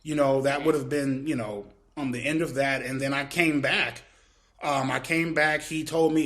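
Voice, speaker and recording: A man's voice: a little high, fairly even intonation, moderate pace, fairly bright tone. A man answering interview questions in a rambling way, swearing heavily and repeating "you know what I mean.". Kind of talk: casual, profane interview answers.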